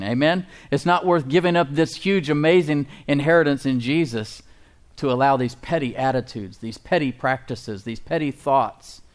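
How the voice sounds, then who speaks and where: A man's voice: fairly high pitch, normal speed. A man preaching a sermon as pastor, emphatic and folksy, often asking the congregation for agreement and chuckling at his own points.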